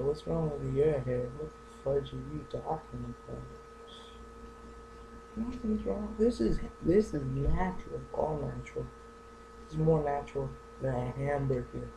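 Young guy rambling goofy vlog jokes, kinda high voice, gravelly. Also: background noise. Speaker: vlogger. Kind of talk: rambling comedic vlog monologue.

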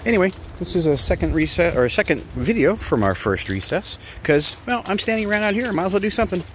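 In an outdoor aviary under trees, a sanctuary caretaker speaks to the parrots in fast, sing-song baby talk, cooing and chatting casually. The voice is medium-pitched, with slight background noise.

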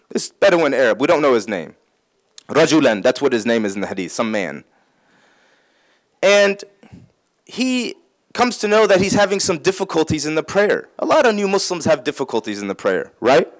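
A man with a fairly high voice delivers a religious talk. He explains each point patiently and repeats key phrases for emphasis. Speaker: Islamic speaker.

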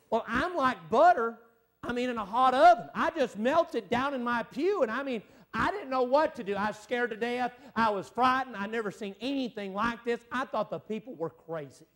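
Man, high-pitched, revival preaching, loud then hushed, church sanctuary. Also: expressive, moderate pace. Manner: swings from loud shouting to hushed, emotional storytelling. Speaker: evangelist. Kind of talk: revival sermon testimony.

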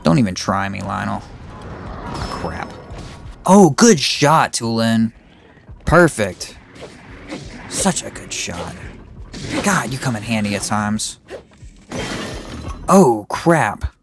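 Guy doing a lets play, slow easygoing talk, gets excitable on hits, game music behind. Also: on the low side, vocal fry. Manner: excitable, reacts aloud to the fight. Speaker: gamer. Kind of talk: let's play commentary.

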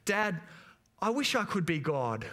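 An eager little boy pipes up in a raised, pleading child's voice, as a preacher puts him on. His pitch jumps well above the preacher's own, eager and insistent. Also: sing-song, measured pace, pushed and bright, full character voice. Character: eager small boy desperate to grow up.

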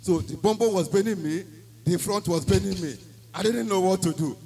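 A man's voice: high voice, brisk, creaky, dark tone, slightly rough, low-quality recording. A man with a Nigerian accent giving an emphatic church testimony, slipping into Pidgin phrases as he tells his story.

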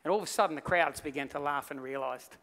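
Animated pastor in a reverberant church. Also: male voice, fairly high pitch, quick pace. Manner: animated storytelling, acts out voices in the story. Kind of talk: sermon. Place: church hall.

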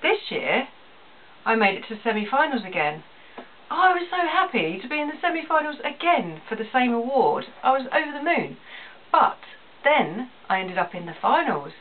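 A woman's voice: on the high side, big pitch swings, moderate pace. Business woman doing a vlog, earnest, kinda far from the mic, tinny sound with hiss. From England. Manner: earnest and emotional, repeats phrases. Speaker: small business owner vlogging. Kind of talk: personal vlog to camera. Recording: tinny phone-like audio, distant, faint hiss.

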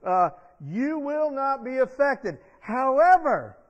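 A man's voice: very high voice, lively intonation, moderate pace, a little hiss or hum. A male pastor preaching a sermon in church, leading the congregation in call-and-response. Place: church sanctuary. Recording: dull long-reverb church sound.

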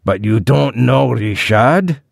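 A man voicing a heavyset, menacing kidnapper boss who interrogates slowly and deliberately in an audiobook. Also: medium pitch, lively intonation, gravelly, no echo, clean studio sound, voice pushed up, full character voice. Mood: interrogating. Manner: slow, heavy, deliberate questioning.

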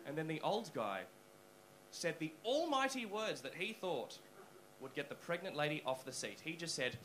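A male stand-up comedian telling a story on a comedy club stage, animated and swearing freely, into a handheld mic. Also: on the high side, moderate pace, slight background noise, poor audio.

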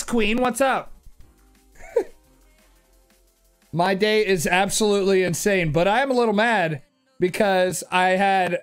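A man streaming a game live, talking his way through it with excitable outbursts, shouts and laughter. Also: high-pitched. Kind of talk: live gameplay commentary.

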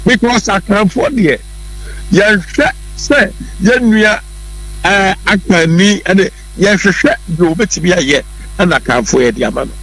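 A man's voice: sits high, measured pace, fairly bright tone, slight background noise, poor audio. A Ghanaian man arguing his political views on a talk show, emphatic and repetitive, mixing English words into his speech. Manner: emphatic, argumentative, repeats points, mixes in English words. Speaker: political commentator.

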